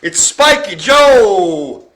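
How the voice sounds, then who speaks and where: A man putting on a loud, chirpy little monster. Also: sits high, sing-song, drawn-out words, voice pushed up, full character voice. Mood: cheery. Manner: loud, bouncy greeting. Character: cheery spiky little male monster.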